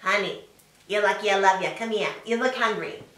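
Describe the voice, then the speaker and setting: A woman's voice: medium pitch, fairly quick, a bit bright, reverberant, distant mic, slight background noise, lightly acted, poor audio. A woman putting on an old female Long Island smoker who dotes on everyone, with a New York accent. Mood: doting.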